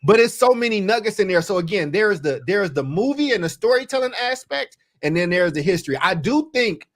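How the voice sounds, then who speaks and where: A man co-hosting a movie review podcast, talking in an animated, emphatic way with slang. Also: high voice, a little fast. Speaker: podcast co-host. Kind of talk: casual movie review chat.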